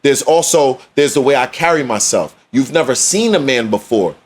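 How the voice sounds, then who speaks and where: A man's voice: mid-range voice, lively intonation, moderate pace. Man, podcast co-host, emphatic, repeats lines for impact, conversational. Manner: emphatic, preachy, repeats phrases for effect. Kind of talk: casual podcast discussion.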